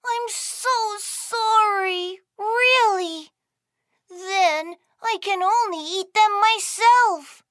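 A woman's voice: very high voice, extremely slow, fairly bright tone, no room sound, clean studio sound, heavily acted. A woman voicing a cheerful, curious young female panda in a children's cartoon, bubbly and sing-song, talking straight to the viewer. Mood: apologetic. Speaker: cartoon host character.

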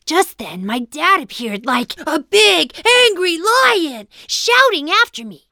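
Whiskers, a sulky baby mouse. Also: female voice, very high voice, big pitch swings, takes it slowly, bright, forceful tone, no echo, clean studio sound, full character voice. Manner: sulky, sighing, then giddy. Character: unhappy little boy mouse, grumbling and playful. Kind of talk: first-person storybook narration.

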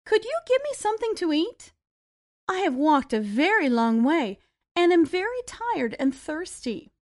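A woman voicing an eager, polite young village boy in a storybook reading, talking in an excited way. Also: very high voice, measured pace, dry recording, clean studio sound, full character voice.

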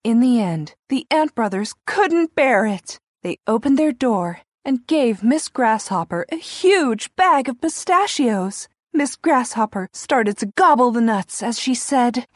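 A woman narrating a children's storybook in a gentle, expressive way. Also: a little high, unhurried, hardly any pauses, dry recording, studio quality.

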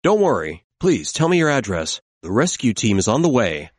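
A man voicing a calm, kindly male elephant firefighter in a children's storybook, reassuring and patient. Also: medium pitch, moderate pace, no echo, studio quality.

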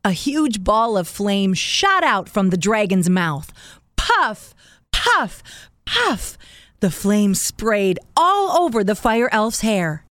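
A woman tells a children's story with a lively, rising and falling voice, punching out the sound effects. The recording is close and dry with no room around her. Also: mid-range voice, slow pace, few pauses, no echo. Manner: expressive, playing sound words. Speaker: narrator. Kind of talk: scripted children's story narration.

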